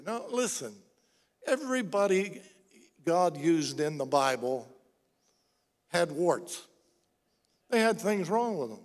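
A man preaching a sermon in a church, telling stories with lively acted-out quotes. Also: a little high, slow, long pauses. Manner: animated storytelling, acts out quoted voices. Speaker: pastor. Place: church sanctuary. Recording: long hall reverb.

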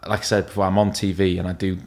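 A tattoo artist guesting on a podcast talks very fast in a low, level voice. His casual, candid chat rambles along with plenty of swearing.

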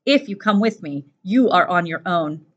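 A woman's voice: fairly low pitch, animated, fairly bright tone. A woman reading as a cold, proud young fighter. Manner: slow, clipped and cold. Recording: dull lo-fi recording.

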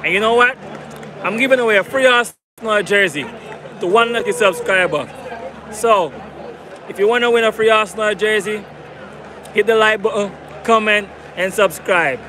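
A man's voice: high voice, normal speed, pauses often. A man livestreaming a football match as a fan, repeating himself and hyping viewers to like and subscribe, from the stadium stands. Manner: repetitive, hyping, begs for likes. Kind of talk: live match commentary stream. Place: stadium stands among fans. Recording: loud crowd and outdoor noise. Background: stadium crowd.

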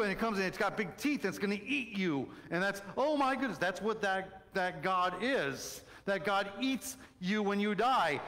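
A middle-aged male pastor delivers a lively, storytelling sermon with a fairly high voice. He moves from excited bursts to quiet, hushed passages. His words ring out with a long reverb through the church sanctuary. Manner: animated storytelling, swings from loud excitement to soft hushed tones.

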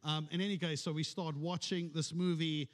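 A man with a high-pitched voice preaches in a church, speaking to the congregation with a conversational, storytelling manner and playful humor. His voice carries a long reverb from the sanctuary. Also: fairly even intonation, normal speed. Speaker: pastor. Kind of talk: sermon.

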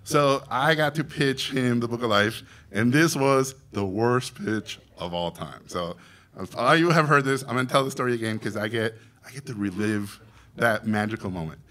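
A Mexican man with a bright, forward voice tells a story to an audience. He delivers it theatrically, jumping into loud acted quotes and chuckling as he goes. His pitch sits in the middle range for a man. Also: normal speed. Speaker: animation director and festival guest speaker.

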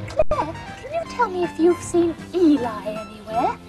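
A woman co-presenting a children's TV puppet show, exclamatory and bright as she talks to the puppets. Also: very high-pitched, huge pitch swings, unhurried, music in the background.

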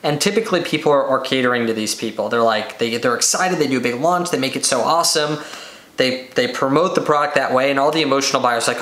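A man hosting a business podcast, talking energetically on his own and rattling off quick lists. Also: mid-range voice. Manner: energetic, rapid lists, acts out excited buyers. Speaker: podcast host. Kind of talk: solo business podcast talk. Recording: roomy echo.

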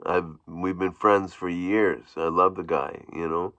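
A man chatting casually in his own vlog, rambling with frequent restarts and soft chuckles. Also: deep voice, fairly even intonation, a little slow, no room sound. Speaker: YouTube vlogger. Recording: dull, dry, lo-fi sound.

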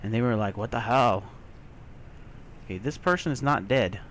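A man casually commenting on his own gameplay as a let's play host, muttering to himself, swearing and breaking into loud excited yelps. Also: medium pitch, normal speed, slight background noise. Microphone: desktop mic with software trouble.

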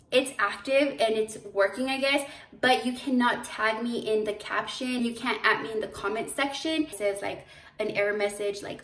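Young woman, boutique owner, casual vlog chat, slightly high voice, roomy echo, a bit off-mic. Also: far from the mic. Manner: chatty, animated storytelling with fillers. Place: her boutique store, indoors. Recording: echoey room, voice off-mic.

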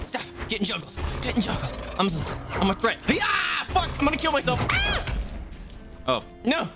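A streamer reacting live to a fighting game, with a lively voice that leaps high and dips low. Swears freely and squeals with every hit and fall. Loud game music plays behind the voice throughout. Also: a little fast. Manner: excitable, swears often, squeals and yelps while playing. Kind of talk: live gameplay commentary.

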